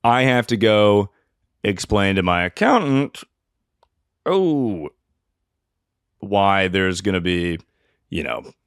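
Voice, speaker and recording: A man with a fairly low voice tells rambling, self-mocking stories on a comedy podcast, swearing freely as he goes. His voice is recorded close and dry, with no room sound. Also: sing-song, takes it slowly, long pauses, clean tone, dry recording. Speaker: podcast host. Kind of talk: casual comedic storytelling.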